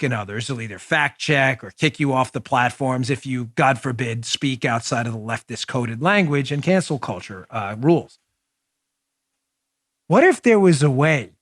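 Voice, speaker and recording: A man hosting a political talk show, delivering an emphatic monologue that jumps from loud exclamations to low asides. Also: dry recording, studio quality. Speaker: podcast host.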